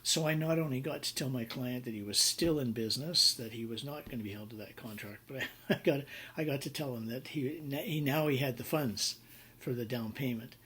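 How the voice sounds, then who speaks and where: A man's voice: mid-range voice, brisk, fairly bright tone, breathy edge. A middle-aged man teaching business law in a recorded lecture, telling stories in a conversational way with many fillers.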